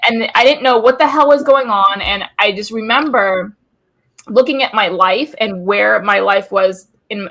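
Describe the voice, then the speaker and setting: A woman's voice: on the high side, a bit bright. A woman co-hosting a casual talk show from her home, telling a personal story candidly, with some swearing. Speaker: co-host of a witchcraft talk show. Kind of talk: casual chat. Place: home room.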